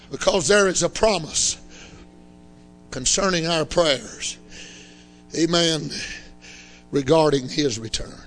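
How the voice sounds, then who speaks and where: A man preaching a sermon, telling a story and rising into fervent shouting. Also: a little high, slow pace, pauses often, faint music behind, some chatter behind.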